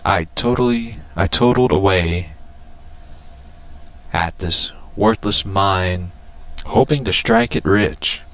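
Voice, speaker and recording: A man's voice: deep voice, slow, fairly bright tone. A man voicing a smelly old southern prospector, with a Southern US accent and a folksy drawl.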